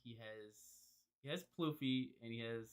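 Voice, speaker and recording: A laid-back man co-hosting a casual card-game livestream. He chips in with short, easygoing remarks in a mid-pitched voice. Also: normal speed, clean tone. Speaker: stream co-host.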